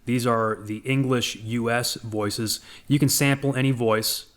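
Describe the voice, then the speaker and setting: A man walking through a software demo as a voice-over for a screen recording, in a relaxed, conversational way with frequent asides. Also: mid-range voice, measured pace. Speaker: software presenter.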